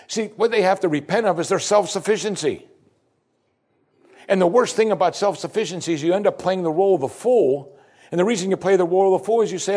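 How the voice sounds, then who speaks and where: A man preaching a sermon, animated, swinging between loud emphasis and soft, quiet asides. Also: a little high, breathy edge.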